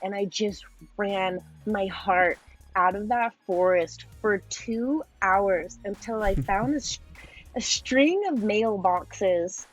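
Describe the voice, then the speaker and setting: A young woman in her twenties, a podcast guest telling a story in a casual, animated way with frequent laughs. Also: medium pitch, slow, faint music behind, rough recording. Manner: animated, laughing often, swearing.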